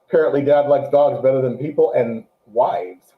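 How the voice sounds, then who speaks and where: A man co-hosting a casual show, chatting animatedly about a TV series and acting out quotes in a high, excited voice. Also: moderate pace, few pauses, roomy sound, narrow, tinny audio. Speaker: podcast co-host. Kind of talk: casual chat, show review.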